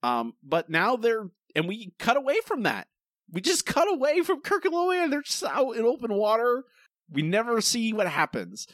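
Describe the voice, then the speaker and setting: Lively, dry-voiced podcast host. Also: male voice, extremely high pitch, normal speed, dry recording. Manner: animated, rambling with restarts, addresses co-host by name. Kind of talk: casual podcast recap chat.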